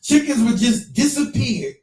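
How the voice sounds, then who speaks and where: A man hosting a live stream, telling a personal story in a profane, animated rant. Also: extremely high pitch, measured pace, roomy sound, faint music behind. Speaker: live-stream show host.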